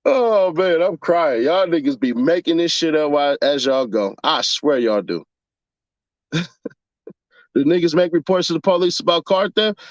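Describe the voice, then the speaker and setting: A man's voice: a little high, lively intonation, moderate pace, dry recording, lo-fi sound. A man in a casual, profane commentary rant, mocking his audience with rhetorical questions. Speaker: commentary vlogger.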